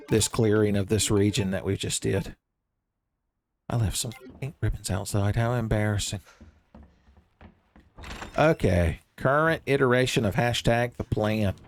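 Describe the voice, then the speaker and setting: A man giving casual, jokey let's-play commentary, rambling and breaking into excitable outbursts. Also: lowish voice, slight background noise. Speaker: gaming streamer.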